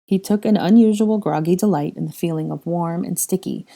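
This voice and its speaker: A woman reads a story aloud in a measured, even narration. Her voice is low and mellow. She drops in wry asides as she goes. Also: creaky. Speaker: fan fiction reader. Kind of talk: audiobook narration.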